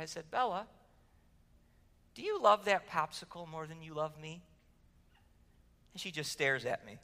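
A man's voice: fairly high pitch, pushed and bright. A man preaching a sermon in a conversational way, asking the room questions and telling stories. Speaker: pastor. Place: church sanctuary. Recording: long hall reverb.

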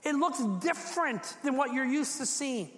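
High-voiced preacher man in an echoey hall. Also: normal speed. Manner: animated, acts out quotes, repeats words. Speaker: pastor. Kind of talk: sermon.

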